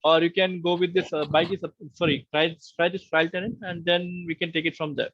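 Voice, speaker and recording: A man's voice: fairly high pitch, flat delivery, brisk, fairly bright tone, no room sound. A man teaching a live online lecture, explaining patiently in a conversational way over a meeting call. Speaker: online course instructor. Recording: muffled online call audio.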